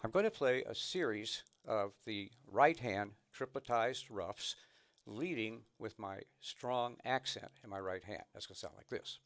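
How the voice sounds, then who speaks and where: With some background noise behind him, a man demonstrates snare drum technique, patiently explaining and counting rhythms aloud between demonstrations. His voice is fairly low and unhurried.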